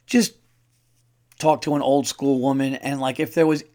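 A man's voice: medium pitch, level tone, normal speed, warm tone. Rambling man telling a story. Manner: rambling, self-deprecating, stammers and restarts. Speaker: podcast host, comedian. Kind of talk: casual storytelling.

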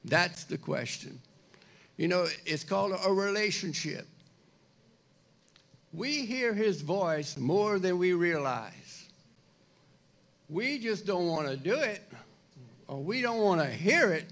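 A man preaching a sermon in a conversational, animated way, speaking directly to the congregation. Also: high-pitched, takes it slowly, pauses often. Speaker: pastor.

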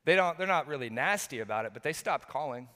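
A middle-aged man preaching a sermon as pastor, talking earnestly and emphatically with frequent restarts, swinging between loud bursts and quiet, low moments. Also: animated, quick pace. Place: church hall. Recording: long hall reverb.

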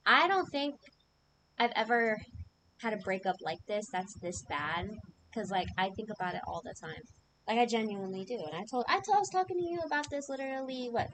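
A young woman co-hosting a casual chat, telling stories in an animated way, swearing freely and laughing often. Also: on the high side, a little fast, background noise. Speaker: podcast co-host.

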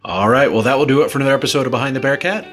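A man hosting a campus interview show, asking questions in a relaxed way with "you know" fillers. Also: medium pitch, very fast. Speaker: podcast host.

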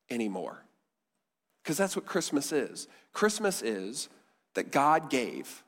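A male pastor preaching a sermon in a conversational style, dropping softly on key words. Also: mid-range voice. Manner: conversational preaching, with quiet emphatic endings. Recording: long hall reverb.

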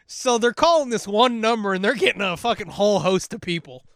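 A man's voice: high-pitched, pushed and bright, no echo, studio quality. A man hosting a podcast, telling stories in a profane, laughing casual chat. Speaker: podcast host.

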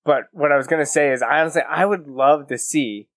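Relaxed man chatting about football. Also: on the high side, fairly quick, dry recording. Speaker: podcast co-host. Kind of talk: casual sports chat.

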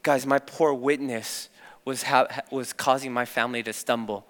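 A man's voice: medium pitch, fairly even intonation, moderate pace, a bit bright. A young adult man preaching a sermon as a youth pastor, telling stories candidly and with animation. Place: church. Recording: long church-hall reverb.

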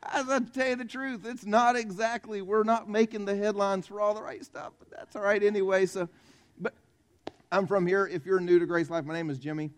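A man's voice: high-pitched, fairly even intonation, brisk. A man from South Carolina, preaching a folksy, conversational Christmas Eve sermon in a church. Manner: conversational, folksy, jokes with the congregation. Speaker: pastor.

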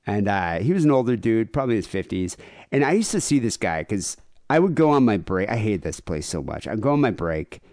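A man's voice: on the low side, very animated, fairly quick, a little mellow, no room sound, clean studio sound. A man in his thirties co-hosting a podcast, telling a rambling, self-deprecating story with frequent laughs. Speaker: podcast co-host. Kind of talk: casual chat, storytelling.

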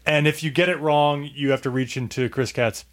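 A man's voice: on the high side, steady tone, fairly quick, slight background noise. A man hosting a casual podcast, teasing his co-host and explaining the rules of a game.

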